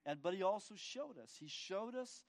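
A gravelly, expressive man's voice that sits high carries this sermon at a moderate pace. The pastor repeats words as he restarts and regularly asks the congregation to agree using tag questions.

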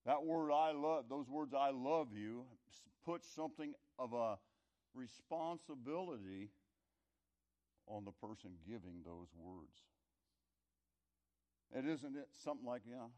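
A middle-aged or older man telling a folksy, rambling story in a conversational sermon, his loudness rising and falling. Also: mid-range voice, a little slow, pauses often. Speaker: speaker telling a story to an audience.

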